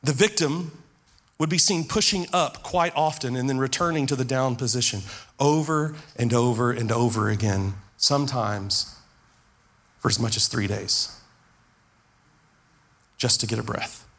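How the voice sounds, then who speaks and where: A man's voice: mid-range voice, unhurried, long pauses, fairly bright tone. A man preaching a sermon as pastor, earnest, repeating words as he drives points home.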